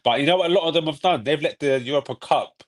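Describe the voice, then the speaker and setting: A man's voice: fairly high pitch, quick pace. A man arguing football on a podcast, interrupting and questioning the others in disbelief. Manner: interrupting, incredulous, emphatic. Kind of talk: heated casual debate.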